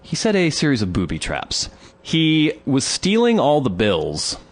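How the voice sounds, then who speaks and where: A man's voice: a little high, a little slow. A man hosting a podcast, telling a story in casual chat with lots of swearing and acted-out quotes. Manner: animated storytelling, acts out quotes, swears a lot. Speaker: podcast host.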